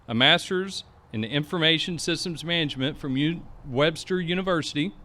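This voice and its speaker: Mc guy reading out a bio, slightly higher voice. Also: bright, forceful tone. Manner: reads a formal bio. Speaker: master of ceremonies. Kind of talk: formal introduction.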